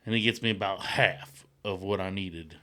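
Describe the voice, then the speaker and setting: A man's voice: sits low, normal speed, bright, forceful tone. A middle-aged man and podcast co-host, a former truck driver, telling a story in casual chat. He swears constantly and laughs as he goes.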